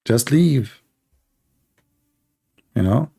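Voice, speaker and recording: A man's voice: mid-range voice, lively intonation, very slow, gravelly, warm tone, husky. A middle-aged man hosting a live-streamed religious debate, speaking blunt, mocking English with broken grammar and piling up rhetorical questions. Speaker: debate show host.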